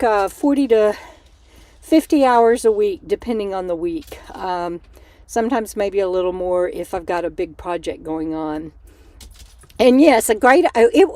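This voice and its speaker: A woman's voice: medium pitch, warm tone, no echo. A woman, hosting a casual live chat from home, talking with viewers and her dog. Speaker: host of a live coffee chat stream. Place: at home indoors.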